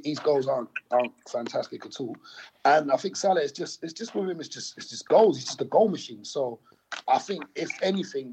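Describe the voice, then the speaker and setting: A man's voice: a little high, noisy background. A young man chatting about football into a phone, rambling and restarting his sentences often. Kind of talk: casual chat about football. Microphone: phone in a holder.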